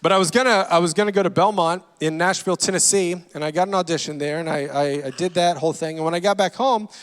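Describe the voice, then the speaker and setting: A man in his forties from Louisiana, a guest comedian telling self-deprecating stories from a church stage with dry punchlines and quick asides. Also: high-pitched, smooth. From Louisiana, USA. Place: large church auditorium. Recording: long hall reverb.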